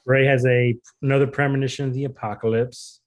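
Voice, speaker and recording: A man co-hosting a podcast, recapping episodes in a relaxed way with many fillers. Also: medium pitch, brisk. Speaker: podcast co-host. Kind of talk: casual chat.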